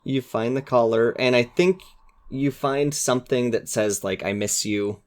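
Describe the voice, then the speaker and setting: A man's voice: mid-range voice, a little slow. A man guesting on a podcast, talking earnestly and with enthusiasm, sometimes acting out quoted lines. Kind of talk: casual chat.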